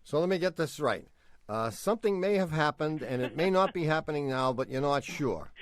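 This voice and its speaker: A man's voice: a little high, animated, a little fast, no echo, clean studio sound. An older man with a Boston accent, co-hosting a radio call-in show, cracking jokes and laughing a lot. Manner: wisecracking, laughs often. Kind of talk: joking radio call-in banter.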